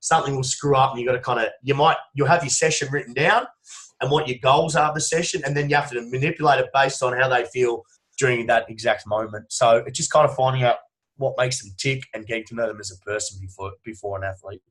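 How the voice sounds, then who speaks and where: A man's voice: medium pitch, fairly even intonation, fast talker, a bit bright. An Australian man, a strength coach, talking in a casual podcast interview, swearing freely and telling long emphatic stories. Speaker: strength and conditioning coach, guest.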